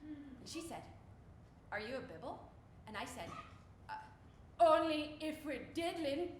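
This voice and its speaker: An actress playing a giddy, show-off wife in a live comic stage monologue, bragging in a bubbly voice full of giggles. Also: female voice, high-pitched, very animated, a little slow. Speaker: stage comedy performer. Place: theatre stage with a live audience. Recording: echoey live stage recording with background noise.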